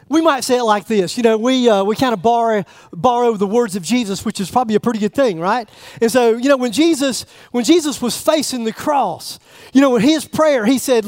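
A man with a strikingly high voice preaches to his congregation, chatty and teasing, asking them questions as he goes. The sound is close and dry, with little room around it. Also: moderate pace, no echo. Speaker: pastor. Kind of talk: sermon. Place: church.

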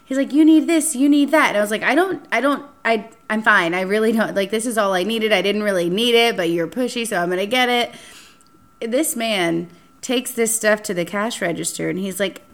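A young woman hosting a casual podcast chat, telling a dating story with lively acted-out quotes and frequent swearing. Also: medium pitch, moderate pace. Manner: animated, acts out quotes, swears freely. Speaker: podcast host.

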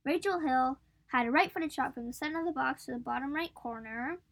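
A woman's voice: sits high, fairly quick. A woman co-hosting a casual sports podcast, recapping match events with frequent giggles. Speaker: podcast co-host.

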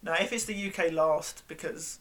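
A man whose voice sits a little on the high side, chatting casually with friends. He rambles, restarts his sentences and leans on fillers as he thinks aloud. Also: moderate pace, fairly bright tone. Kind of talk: casual chat.

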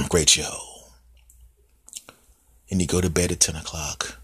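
A male comedian talking alone into a close podcast mic, husky and lower-pitched. He jumps in and out of silly put-on voices. The room sounds dry, with no echo. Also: takes it slowly, pauses often. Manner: animated, acts out voices and bits. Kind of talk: solo comedy podcast monologue.

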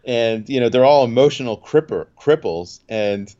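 A man's voice: mid-range voice, expressive, normal speed, warm tone, dull audio. A man casually recapping a TV episode in a podcast chat, rambling with fillers and acting out quotes.

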